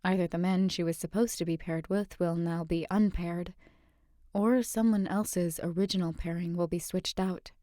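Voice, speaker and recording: A woman reading a young adult novel in the first person, in a measured, reflective way. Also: on the low side, fairly even intonation, warm tone, no room sound, studio quality. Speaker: audiobook narrator. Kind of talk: first-person audiobook narration.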